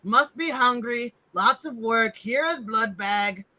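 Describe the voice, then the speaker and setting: A man voicing Igor, a loyal manservant who speaks in broken, halting phrases. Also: very high-pitched, pushed and bright, full character voice. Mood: plodding. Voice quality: broken grammar, halting plain delivery. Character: hulking male servant Igor, broken speech, loyal.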